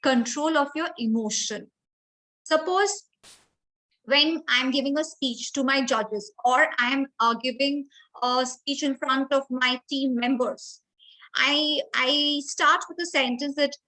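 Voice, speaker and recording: An Indian woman with an Indian English accent leads an online communication training session, speaking clearly and instructively with deliberate emphasis. Her voice is high-pitched and sharp, and the audio quality is poor.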